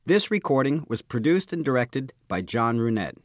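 A man reading the closing credits of a program in a measured announcing voice. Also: medium pitch, sing-song, dry recording, clean studio sound.

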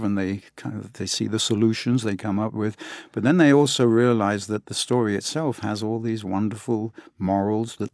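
A man's voice: on the low side, a little mellow, no room sound, studio quality. An English man, an audiobook narrator, answering interview questions in an enthusiastic, chatty way with frequent fillers.

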